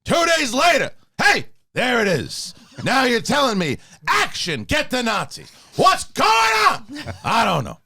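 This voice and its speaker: Comic bit: a man voicing an outraged older film star, shouting, bright and tense. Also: extremely high pitch, huge pitch swings, unhurried, creaky, a little hiss or hum, full character voice. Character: indignant older male movie star who shouts. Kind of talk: comic impression.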